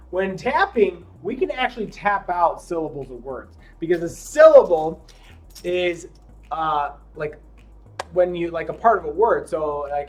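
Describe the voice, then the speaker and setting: A man teaching young children to read, encouraging them as he sounds out letters slowly and deliberately. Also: sits high, lively intonation. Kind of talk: classroom lesson for young children.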